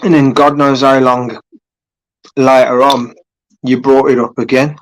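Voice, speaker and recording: Slow, rambling British man chatting to viewers. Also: mid-range voice, flat delivery, no echo, rough recording. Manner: rambling, hesitant, many fillers and restarts. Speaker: live stream host. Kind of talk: casual chat with viewers. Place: home room.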